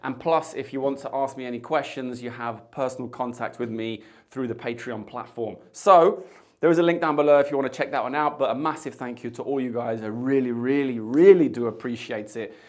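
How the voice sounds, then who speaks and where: A man's voice: medium pitch, fairly even intonation, a little fast. Chatty man hosting a cocktail tasting. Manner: chatty, jokey asides. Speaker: bartender host. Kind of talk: casual tasting chat to camera.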